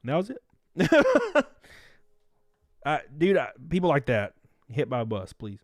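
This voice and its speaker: Male streamer in his 30s, rambling and profane, with a lively, swooping delivery and a dry, close sound. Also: fairly high pitch, a little slow, no echo. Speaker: livestream host. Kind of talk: casual storytelling to a live chat.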